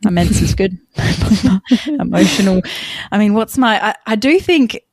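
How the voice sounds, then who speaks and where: A woman's voice: mid-range voice, animated, unhurried, darkish tone, no room sound. A woman in her thirties co-hosting a podcast, chatting candidly and teasing herself. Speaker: podcast co-host. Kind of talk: casual chat.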